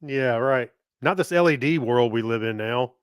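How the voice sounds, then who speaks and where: A man's voice: medium pitch, clean tone, dry recording, clean studio sound. Quipping male podcast co-host. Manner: quick quips, laughs along. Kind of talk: casual chat.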